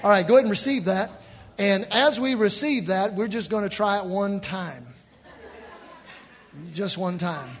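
High-voiced man, joking church pastor. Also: measured pace, pauses often. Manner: joking, then chanting and shouting with the congregation. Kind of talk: church offering appeal and praise chant. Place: church sanctuary. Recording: church hall with music and crowd. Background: music and congregation.

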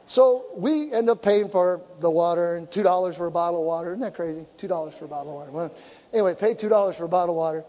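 High-voiced preacher in a reverberant hall. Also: male voice, fast talker. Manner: animated, shouts for emphasis, acts out dialogue. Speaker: pastor. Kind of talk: sermon with storytelling. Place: church sanctuary.

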